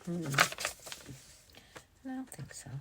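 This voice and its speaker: A woman talking casually as she works on a craft project, thinking aloud and sometimes dropping to a whisper. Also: slow. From United States. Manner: chatty, thinks aloud, drops to whispers while working. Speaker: crafting vlogger. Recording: loud background noise.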